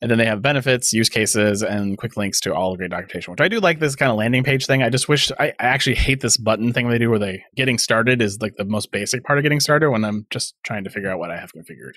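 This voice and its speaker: A man's voice: lowish voice, quick pace, few pauses, fairly bright tone, no echo, studio quality. A man co-hosting a casual tech podcast, sarcastic and rambling as he thinks aloud. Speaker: podcast co-host.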